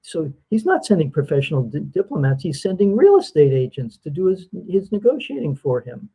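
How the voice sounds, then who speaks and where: A man as a guest commentator on a political talk show, speaking in a measured, halting way with frequent ums. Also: on the high side, very animated, dark tone, slightly rough, low-quality recording.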